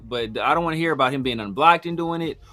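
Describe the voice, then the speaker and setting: A man chatting on a sports podcast in a bright, forceful voice. He is animated and talkative, and acts out his own reactions as he tells them. Faint music runs behind him. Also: fairly high pitch, quick pace. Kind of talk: casual sports podcast chat.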